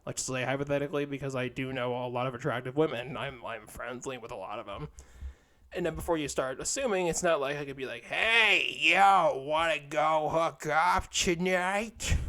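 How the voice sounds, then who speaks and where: A man's voice: mid-range voice, fairly bright tone. A young man talking casually to his viewers in a rambling, self-deprecating monologue, full of restarts and fillers, with casual swearing. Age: young adult. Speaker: vlogger.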